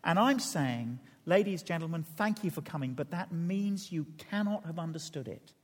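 A middle-aged man preaching a sermon, earnest and building to emphatic peaks before dropping quiet. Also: on the high side, expressive, moderate pace, big-room sound. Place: large church hall.

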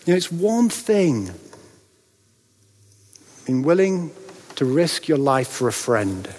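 A man preaching a sermon in a church, dramatic, with rhetorical questions and pauses for effect. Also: a little high, sing-song, a little mellow. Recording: long reverb of a large hall.

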